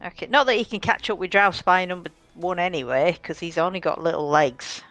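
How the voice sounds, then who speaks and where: Woman, tabletop player, wry, self-mocking, casual, quiet music in the background. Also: fairly low pitch, brisk.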